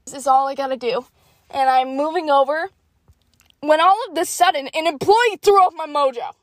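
An eighteen-year-old woman telling a story in a casual, animated way, acting out her thoughts in hushed asides. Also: sits high, moderate pace, no echo. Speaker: vlogger.

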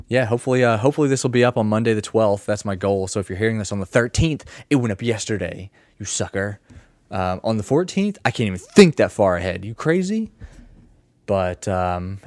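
A man hosting a casual solo podcast from his mom's house. His voice sits low, and he rambles in a joking, self-mocking way that jumps between loud outbursts and quiet asides. The recording is dry and close. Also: no echo. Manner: joking, self-mocking, animated swings in loudness. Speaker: podcast host and streamer.

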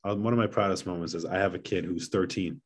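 A middle-aged man with a very low voice speaks earnestly in a relaxed podcast chat. He often restarts and repeats himself as he searches for words. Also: fast. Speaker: guest, father of seven. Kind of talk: casual podcast conversation.

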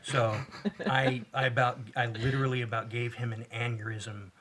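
A man's voice: mid-range voice, normal speed, husky. A man co-hosting a casual talk show, telling rambling stories with lots of restarts. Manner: rambling, animated storyteller with many restarts. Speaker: podcast co-host. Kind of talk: casual chat.

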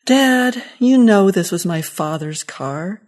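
A woman reading the lines of a patient daughter-in-law who gently humors an old man in a short story. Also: mid-range voice, animated, slow pace. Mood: soothing. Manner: soothing, patient.

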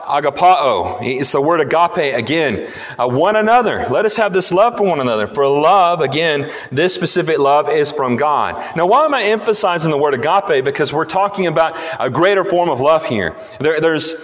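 Preaching man in an echoing hall. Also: mid-range voice. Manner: builds from a soft prayer to an emphatic preaching voice. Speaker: pastor. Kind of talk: sermon. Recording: long hall reverb.

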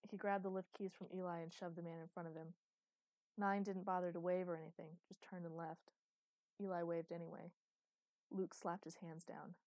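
A woman narrates a science fiction audiobook in an even, measured voice that sits low and mellow. The recording is close and completely dry, with no room around her. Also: no echo, low-quality recording. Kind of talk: scripted narration.

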